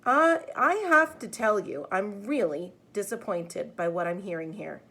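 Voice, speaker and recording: A woman's voice: mid-range voice, unhurried. A woman as a firm, scolding mother. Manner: earnest, scolding, lively. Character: caring mother, firm and disapproving.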